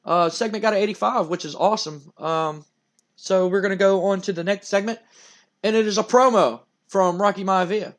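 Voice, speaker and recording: High-voiced rambling man narrating a game. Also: moderate pace. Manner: rambling, many "like" and "and everything" fillers. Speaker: let's-play narrator.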